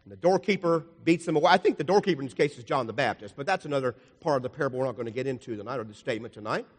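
A man's voice: medium pitch, animated, racing. Older man preaching in an echoing hall. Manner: folksy and rambling, with jokes and asides. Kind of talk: sermon with slide illustrations. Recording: long hall reverb.

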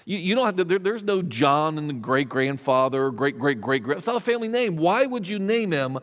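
A man's voice: on the high side, fast, long reverb tail, close to an everyday voice. A man voicing a fussy, incredulous relative who fires off exasperated questions.

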